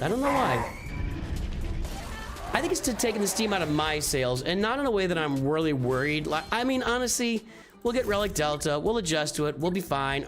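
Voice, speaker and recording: A man hosts a live stream, chatting loosely and answering viewers as he plays. His voice sits a little on the high side. A clear bed of music runs under his talk. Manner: rambling, answers viewers' questions, off-hand asides. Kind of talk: casual live-stream chat while gaming.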